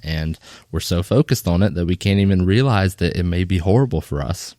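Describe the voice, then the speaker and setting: A man co-hosting a faith podcast, talking casually and retelling Bible stories with lively quoted voices. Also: low-pitched, fairly quick, no room sound, clean studio sound. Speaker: podcast co-host.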